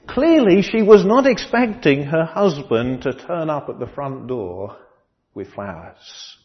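A middle-aged man preaching a sermon, measured and dryly humorous, often restarting his phrases. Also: on the high side, expressive, long reverb tail, lo-fi sound. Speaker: pastor.

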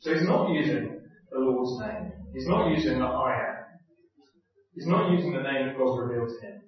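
A man preaching a sermon, animated, acting out quotes and repeating his key points. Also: mid-range voice, brisk. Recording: very echoey, distant, dull sound.

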